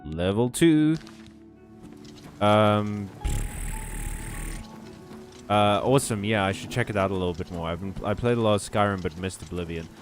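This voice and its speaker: A man with a low voice chats casually over his gameplay. He jokes, laughs often and swears now and then. Faint game music plays behind him. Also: normal speed, long pauses. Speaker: game streamer.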